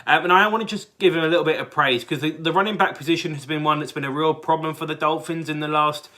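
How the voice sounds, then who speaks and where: A young man from England with a British accent, hosting a casual fan reaction and talking in an excitable, rambling way with many fillers and restarts. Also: a little high, fast talker. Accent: British English. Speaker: sports fan channel host.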